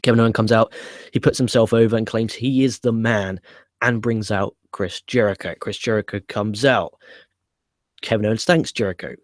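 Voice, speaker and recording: A man giving a casual, opinionated recap of a wrestling show he is booking, blunt and quick to swear. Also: lowish voice, fairly even intonation, no room sound, studio quality.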